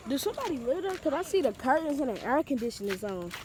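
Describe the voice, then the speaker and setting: A woman's voice: high voice, sing-song, fast talker. A woman vlogging while walking around a neighborhood, chatty and slangy, often out of breath. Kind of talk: casual handheld exploring vlog. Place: outdoors in a neighborhood. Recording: noisy outdoor phone audio.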